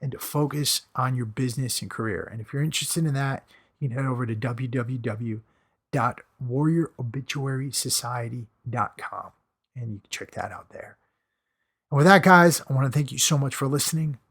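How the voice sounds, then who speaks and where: Male podcast host, hoarse from losing his voice, punchy motivational delivery with repeated phrases. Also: medium pitch, normal speed, fairly bright tone. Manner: emphatic, repeats phrases for stress.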